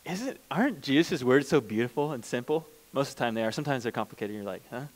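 A man's voice: mid-range voice, lively intonation, fast, few pauses. A man preaching a conversational sermon as pastor, plain-spoken and informal, often restarting mid-sentence.

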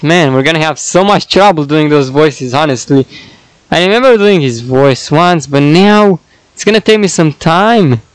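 A man's voice: a little high, expressive, moderate pace, clear, resonant tone, no room sound, rough recording. A man casually commenting and joking to himself while reading out fan-made dialogues. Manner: chatty, self-mocking, laughs between lines.

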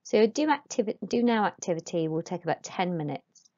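A woman with a slightly low voice teaches a recorded Spanish lesson. She gives clear, patient instructions and models the Spanish words herself. The recording sounds dull and muffled. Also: animated, brisk, mellow.

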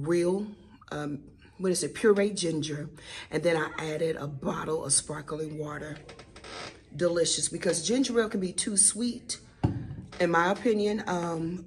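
Middle-aged woman, teacher-mom vlogger, chatty and expressive, medium pitch, faint background noise. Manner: chatty and expressive, addresses viewers warmly as "baby" and "y'all". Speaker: elementary school teacher and mom. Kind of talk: casual vlog chat.

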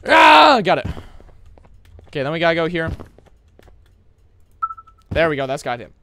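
A young man from America streaming a horror game live, shouting bursts of hype and muttering asides to chat. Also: a little high, normal speed, a little hiss or hum.

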